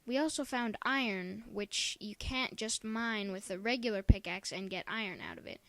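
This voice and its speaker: A woman's voice: mid-range voice, moderate pace, dry recording. A woman explaining a survival game in a casual, upbeat way, with a mid-range voice. The recording is dry and close. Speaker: game tutorial narrator. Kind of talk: casual gameplay commentary.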